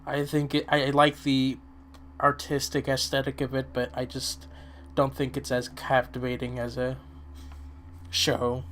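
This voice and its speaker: Slow-talking slightly hoarse man. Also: mid-range voice, monotone, fairly bright tone, slight background noise. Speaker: co-host. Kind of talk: casual chat.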